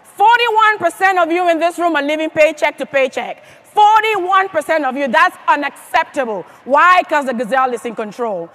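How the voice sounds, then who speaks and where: A woman's voice: sits high, lively intonation, normal speed, a bit bright. A woman giving a motivational speech to a live audience, emphatic and firing questions at the crowd. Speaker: motivational speaker at a sales event.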